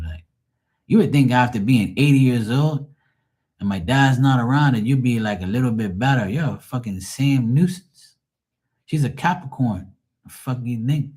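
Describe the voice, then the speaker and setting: A man's voice: medium pitch, lively intonation, moderate pace, a little mellow. A middle-aged man venting on a live call in a profane, rambling, exasperated way. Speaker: caller on a live tarot stream. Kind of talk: casual venting.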